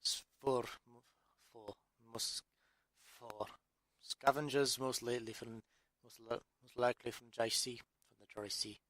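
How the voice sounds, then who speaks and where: A man's voice: medium pitch, fairly even intonation, measured pace, pauses often, fairly bright tone. A man from England, reading his own story aloud and muttering at himself through repeated restarts. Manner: exasperated self-talk with constant restarts. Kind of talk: audiobook narration outtakes.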